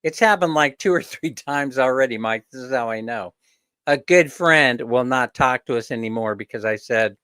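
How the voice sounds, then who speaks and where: A man's voice: medium pitch, moderate pace, sharp tone, smooth, no room sound, clean studio sound. A man hosting a casual live chat with viewers, telling stories, chuckling often, and mimicking the people he quotes. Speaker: host.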